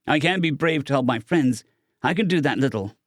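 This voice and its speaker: A man's voice: mid-range voice, lively intonation, fairly quick, no room sound, studio quality, natural voice. A man voicing a frightened young boy pilot who talks in a shaky, folksy way. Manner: shaky, folksy, saying aye. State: shaky breathing. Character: frightened young human boy pilot, trembling but brave.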